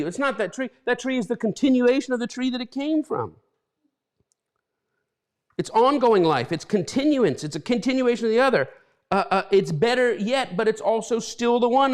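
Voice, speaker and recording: A middle-aged man preaching an informal sermon as a pastor, rambling with many repeated words and restarts, getting emotional. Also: extremely high pitch.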